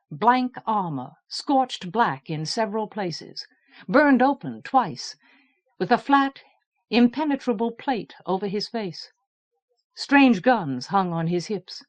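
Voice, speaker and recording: Woman narrator for a fantasy audiobook: very slow, measured, steady delivery. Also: mid-range voice. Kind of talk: scripted narration.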